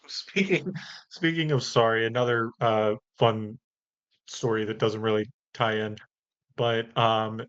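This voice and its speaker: A man's voice: on the low side, fairly even intonation, a little slow, fairly bright tone. A man hosting a podcast who talks in a rambling, thoughtful way and laughs lightly. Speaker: podcast host. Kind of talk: casual podcast conversation. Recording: slightly dull lo-fi.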